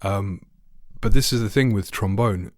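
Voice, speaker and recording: A man's voice: fairly low pitch, unhurried, no room sound, clean studio sound. A man teaching a trombone lesson online, friendly and asking the viewer questions. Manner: friendly, asks the viewer questions, sings notes.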